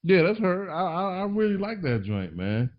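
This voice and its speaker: A man's voice: high-pitched, big pitch swings, normal speed. A man hosting a podcast in casual chat, rambling and slangy with many restarts, a little tipsy. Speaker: podcast host. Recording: dull lo-fi recording.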